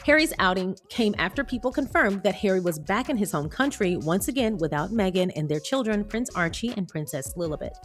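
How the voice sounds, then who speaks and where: A woman's voice: mid-range voice, animated, a little fast, hardly any pauses, faint music behind. Woman, gossip-channel host, chatty and playful, mid-range voice, wanders into asides. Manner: chatty, playful, drifts into tangents. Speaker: celebrity news commentator. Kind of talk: casual commentary reading an article aloud.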